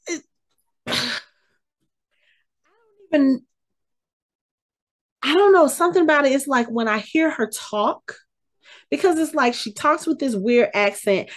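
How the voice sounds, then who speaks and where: A woman co-hosting a podcast, recapping a TV episode in casual, animated chat and getting exasperated as she retells it. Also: mid-range voice. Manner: animated, exasperated storytelling with frequent restarts. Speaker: podcast co-host.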